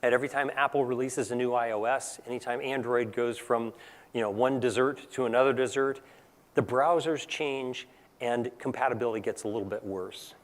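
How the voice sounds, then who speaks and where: A man's voice: mid-range voice, fairly even intonation, a little fast, big-room sound. A man giving a conference presentation in a casual, conversational way, tagging points with "right?". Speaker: technical presenter. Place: large conference hall.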